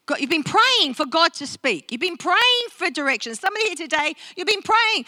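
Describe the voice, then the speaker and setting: High, lively woman pastor preaching. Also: brisk, few pauses, no echo. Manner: animated, interactive preaching with acted-out quotes. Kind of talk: sermon. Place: church service.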